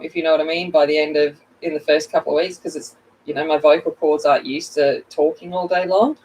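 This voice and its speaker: A woman's voice: low-pitched, a little mellow, distant mic, low-quality recording. Chatty woman coloring on a livestream. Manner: chatty, greets viewers by name, laughs at herself. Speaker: coloring channel host. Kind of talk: casual chat while coloring on a livestream.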